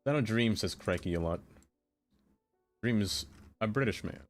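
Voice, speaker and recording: A man streaming a game and chatting with his viewers in a playful, teasing way, often breaking into high sing-song catchphrases. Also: expressive, normal speed, soft background music. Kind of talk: casual live-stream chat with viewers.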